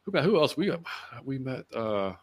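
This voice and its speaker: A man's voice: mid-range voice, very animated, moderate pace. A man hosting a sports podcast in casual chat, laid-back and dropping lots of "man" and "dude". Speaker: podcast host.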